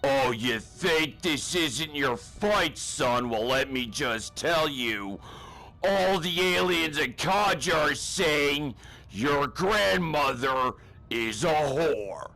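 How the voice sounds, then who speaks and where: A man playing a gruff, bullying male drill sergeant in a comedy spoof, barking crude insults at a recruit. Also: on the high side, animated, slow, bright, forceful tone, faint music behind, full character voice.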